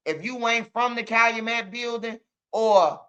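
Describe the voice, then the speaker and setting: A man's voice: very high voice, a little slow, a bit bright, clean tone, lo-fi sound. A young man with a Chicago accent telling street stories in loose, profane casual talk. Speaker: interviewee. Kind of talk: casual storytelling.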